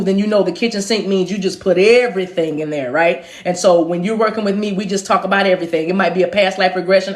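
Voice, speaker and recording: A woman leading a live-streamed spiritual reading, with a rhythmic, preacher-like delivery. She breaks into chanted tongues and calls her listeners "baby". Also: mid-range voice. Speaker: spiritual reader and channel host. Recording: roomy echo.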